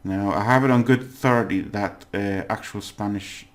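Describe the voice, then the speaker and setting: In a casual recorded lesson recap, a male language teacher speaks in a low voice. He's patient, often pauses with "uh," and checks in with "okay?"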